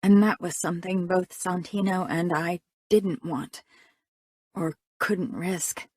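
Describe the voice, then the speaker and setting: A woman's voice: lowish voice, steady tone, slow pace, a little mellow, slightly rough. A woman narrating a first-person audiobook in a reflective, conversational reading.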